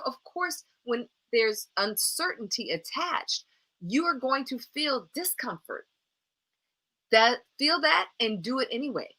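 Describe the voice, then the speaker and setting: A woman leads a live motivational coaching broadcast. Her voice is bright and forceful. She speaks straight to her viewers and repeats phrases with energy to drive each point home. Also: on the high side. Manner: encouraging and animated. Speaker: life coach hosting a live show.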